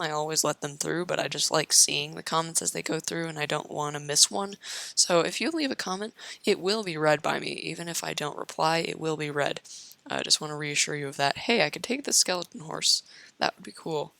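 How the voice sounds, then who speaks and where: Low, bright-toned American woman rambling. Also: creaky, no echo. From United States. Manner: meandering, chatty, frequent fillers and restarts. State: losing her voice. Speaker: YouTuber. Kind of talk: casual rambling commentary while playing a game.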